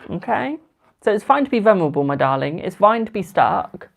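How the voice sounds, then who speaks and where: A young man in his twenties runs a live tarot stream, loose and gossipy, warmly calling everyone darling and boo. His voice carries a slightly gravelly, fry-tinged texture at the ends of phrases, and his delivery stays chatty and unhurried. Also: high-pitched, very animated. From United Kingdom. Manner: chatty and affectionate, calls viewers darling and boo. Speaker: tarot reader. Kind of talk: live-stream card readings, casual chat.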